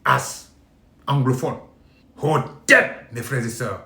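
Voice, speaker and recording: Cameroonian man, French his first tongue, pleading direct-to-camera appeal, bright tense tone, echoey room. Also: medium pitch, big pitch swings, slow pace. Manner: emphatic and pleading, repeating lines, bursts of shouting. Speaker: video speaker addressing compatriots. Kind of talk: impassioned spoken appeal.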